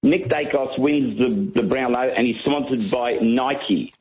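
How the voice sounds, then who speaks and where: A man's voice: medium pitch, normal speed. A man calling a radio show, asking quizzical questions. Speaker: caller. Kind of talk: phone-in chat. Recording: muffled line.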